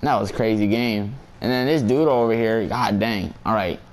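A man's voice: lowish voice, moderate pace. A young man casually commenting on his basketball game for viewers, laughing often and talking in slang. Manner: giggly, excitable, slangy. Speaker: gameplay YouTuber.

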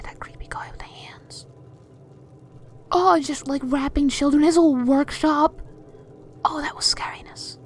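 High-voiced, excitable woman gaming. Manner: jumpy, excitable reactions with frequent restarts. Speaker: let's play host. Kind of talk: casual gameplay commentary.

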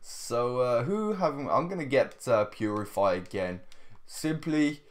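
A man's voice: mid-range voice, lively intonation, a little slow. A man giving casual gameplay commentary, chatting to his viewers, tired and yawning. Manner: chatty, keeps addressing viewers, laughs often. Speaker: gaming video host.

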